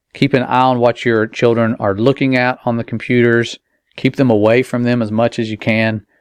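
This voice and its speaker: A man's voice: medium pitch, clean tone, no echo, studio quality. Earnest man giving a religious warning. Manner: earnest, measured, slows for emphasis. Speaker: parent and video maker.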